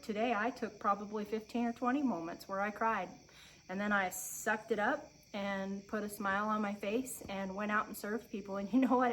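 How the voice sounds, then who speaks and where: A woman in her thirties sitting outdoors on her farm, talking to her viewers in a heartfelt, encouraging way while holding back tears, with pauses and restarts. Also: mid-range voice, poor audio. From Oregon. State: emotional, near tears. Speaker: homestead vlogger. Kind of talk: heartfelt sit-down chat to camera. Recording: faint outdoor insect noise.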